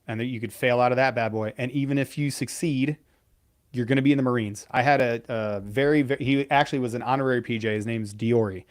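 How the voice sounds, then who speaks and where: Male veteran co-host, forties, straight-talking and profane, mid-pitched voice. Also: fairly even intonation, fast talker. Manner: blunt, profane, storytelling. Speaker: podcast co-host, veteran pararescueman. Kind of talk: casual live-stream advice talk.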